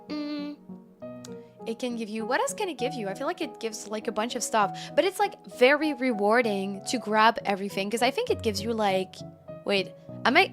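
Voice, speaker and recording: Brief: bubbly woman streamer with a slightly high voice, greets chat warmly over background music. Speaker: game streamer. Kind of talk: live-stream chat with viewers.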